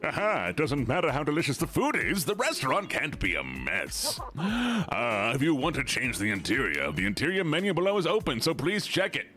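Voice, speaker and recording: A man voicing a cheery, polite young woman from a video game in a falsetto-like voice. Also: wildly swooping pitch, moderate pace, pushed and bright, exaggerated voice. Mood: chirpy.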